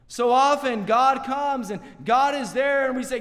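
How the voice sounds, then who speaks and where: High-voiced fervent preacher in a hall. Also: male voice, measured pace, few pauses. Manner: fervent, repeats words, swings from loud to hushed. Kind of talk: sermon. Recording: long reverb of a large hall.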